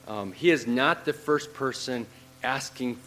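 A man's voice: medium pitch, measured pace, sharp tone, a little hiss or hum, poor audio. A man preaching a sermon in a conversational way, using many fillers and repeating phrases. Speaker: pastor.

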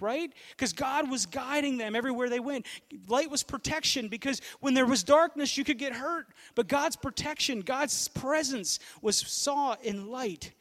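High-voiced casual young male preacher. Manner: casual storytelling preacher, shifts from loud to hushed. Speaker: pastor. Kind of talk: sermon.

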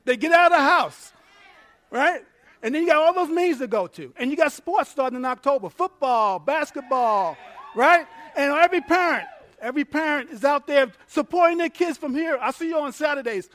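A man preaching a sermon as pastor, animated and laughing as he acts out little dialogues. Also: very high-pitched, moderate pace, no echo.

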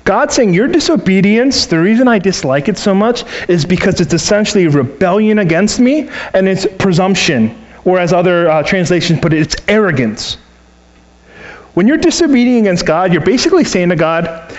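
Male pastor, sermon, high voice, very lively pitch, slightly dull lo-fi recording. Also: normal speed. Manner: animated, acts out quoted voices.

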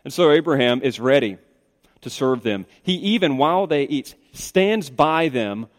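Animated male preacher in a reverberant hall. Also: mid-range voice, measured pace. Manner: animated, conversational preaching with audience questions. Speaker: pastor. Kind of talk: sermon.

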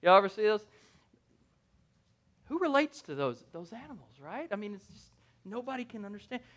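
A man with a high voice delivers a sermon in a loose, conversational way. He jokes, keeps asking his listeners "right?" and often restarts or corrects himself mid-sentence. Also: very animated, normal speed, a bit bright. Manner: conversational, jokey, asks the audience "right?". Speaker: pastor.

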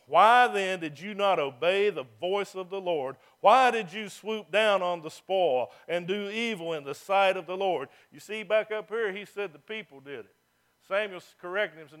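A man, a pastor preaching a sermon, who reads scripture loudly and then drops low and mocking to make his points. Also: animated, moderate pace.

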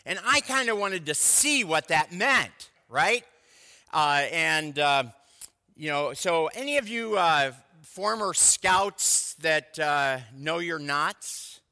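A man's voice: a little high, animated, slow pace, gravelly, pushed and bright, in a large hall. An older man, a pastor of over thirty years, preaching a sermon in a conversational, storytelling way with asides to the congregation.

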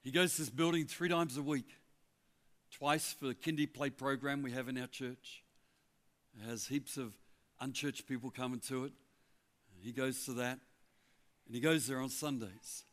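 Older man, former pastor, animated sermon storytelling into a stage mic. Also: mid-range voice, moderate pace, long pauses. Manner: animated, chatty storyteller with asides. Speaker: guest preacher, former pastor of the church. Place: church hall before a congregation.

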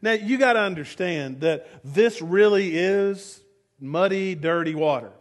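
A male pastor preaching a sermon in a relaxed, storytelling way. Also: sits high, a little slow.

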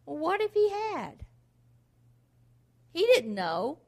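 A woman's voice: very high voice, huge pitch swings, slow, a little mellow. A woman preaching a sermon emphatically, firing off rhetorical questions.

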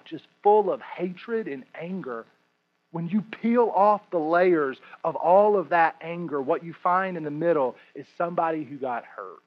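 A man in his thirties, a pastor, preaching a sermon to a congregation, swinging between hushed and loud delivery. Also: on the high side. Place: room with a congregation. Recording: muffled lo-fi recording.

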